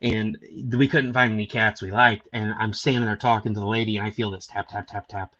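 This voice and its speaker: A man's voice: on the low side, flat delivery, a little fast, a bit bright, muffled recording. Rambling man telling a story on a podcast. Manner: rambling storyteller with many restarts. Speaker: podcast host. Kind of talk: casual chat.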